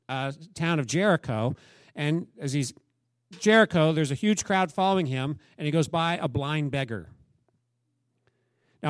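A male pastor preaching a sermon, telling a story in an animated way with asides and questions for the congregation. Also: a little high, dry recording, clean studio sound.

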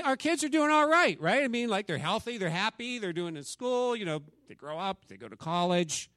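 A man leads a Bible study in a relaxed, talky way. He often quizzes his listeners and acts out the quotes he reads. His voice sits a bit high and the sound is dry and close. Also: no room sound. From United States. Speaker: church teacher.

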